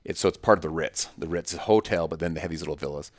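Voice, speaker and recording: A man's voice: rumbling low, rapid-fire, no echo, clean studio sound. A man talking as a podcast guest in casual conversation, emphatic and story-driven, with punchy repetitions.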